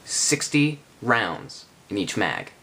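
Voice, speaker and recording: A man giving a casual spoken game review, rambling and halting with many restarts. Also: on the low side, huge pitch swings, bright, forceful tone.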